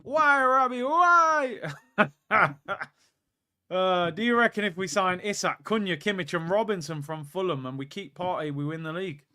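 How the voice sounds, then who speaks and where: A young man hosting a live football watchalong, chatting excitably, reacting to the match and answering viewer questions. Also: sits high, fast, few pauses.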